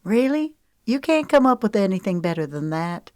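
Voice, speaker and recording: A woman reading the part of a spirited country music star and new bride, lifting her voice brighter and livelier. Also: fairly low pitch, lively intonation, unhurried, no echo. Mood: delighted.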